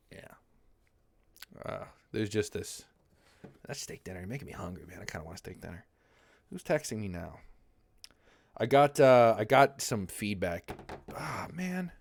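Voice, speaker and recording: Lively low-voiced man ranting. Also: no echo. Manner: rambling, profane, laughs often, talks back to chat. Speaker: streamer reading chat. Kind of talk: casual livestream rant.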